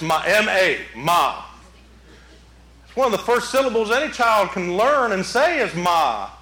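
A man preaching a homespun sermon in a church, his voice a little higher than most and bright and forceful. He keeps checking in with the congregation through rhetorical questions and repeats phrases as he goes. The room gives his voice a roomy echo. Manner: conversational, repetitive, full of rhetorical questions. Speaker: pastor. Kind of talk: folksy Mother's Day sermon. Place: church sanctuary.

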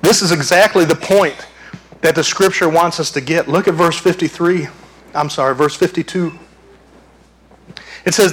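Animated man preaching a sermon. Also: a little high, normal speed, pauses often, slightly rough. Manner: animated, acts out screams and voices in his storytelling. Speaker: pastor.

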